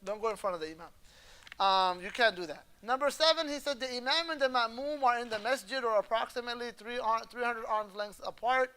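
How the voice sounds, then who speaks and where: A man teaching Islamic law in a relaxed classroom lecture, his voice bright and forward. He explains step by step, drops in Arabic terms and checks that the students follow. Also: very high-pitched, a little fast, slight background noise. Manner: explains patiently, often checks the class understands; moves easily between English and Arabic terms.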